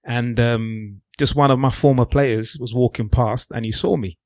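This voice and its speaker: A man's voice: medium pitch, steady tone, moderate pace, darkish tone, no echo, clean studio sound. A man speaking earnestly in a casual podcast chat, often checking that others follow. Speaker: podcast co-host.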